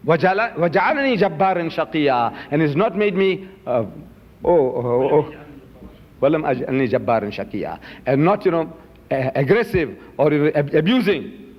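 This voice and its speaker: An older man takes on a questioner in a public debate, fairly high-pitched and forceful, hammering home his points with repeated rhetorical questions. The sound is dull and lo-fi, and his voice rings through a large hall with a long reverb. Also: very animated, normal speed. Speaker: debate speaker answering questions. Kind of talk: impassioned public debate reply.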